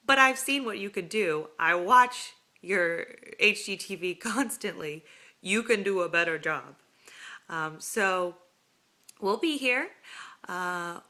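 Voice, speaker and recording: Earnest woman with a bright voice. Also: mid-range voice. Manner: earnest, heartfelt, hesitant. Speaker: homeowner making an audition video. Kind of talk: earnest home-video plea to camera. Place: at home.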